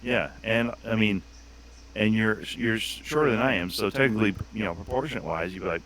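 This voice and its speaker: A man's voice: fairly low pitch, a little fast, fairly bright tone, a little hiss or hum, low-quality recording. A man chatting casually as a guest on a livestream, joking crudely and swearing a lot.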